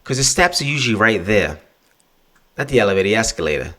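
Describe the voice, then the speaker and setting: A man's voice: fairly low pitch, fast. A man hosting his own podcast, ranting casually and profanely. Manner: profane, rambling, animated. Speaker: podcast host. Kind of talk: casual solo rant.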